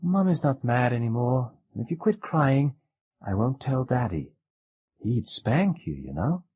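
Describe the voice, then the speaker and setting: A man's voice: mid-range voice, very animated, normal speed, mellow, pitched above the performer's own voice, natural voice. A man reading an audiobook, voicing a tired young mother who coaxes her child, sometimes harshly. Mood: coaxing. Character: weary, tense young mother. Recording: dull lo-fi cassette recording.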